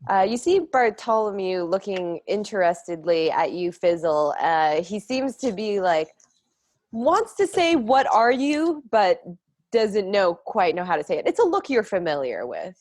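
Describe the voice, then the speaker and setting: A woman's voice: on the low side, animated, moderate pace, a little mellow, no echo, studio quality. A woman narrating a tabletop game as game master, describing scenes in a chatty way with fillers.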